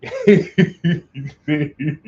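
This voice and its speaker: A man chats loosely while he paints, full of slang and jokes. His voice sits a little high. It sounds dull and lo-fi in a roomy, echoey space. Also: wildly swooping pitch, extremely slow, a little mellow. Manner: loose, joking, slangy storyteller. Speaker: painter hosting a long live stream. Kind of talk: casual chat while painting.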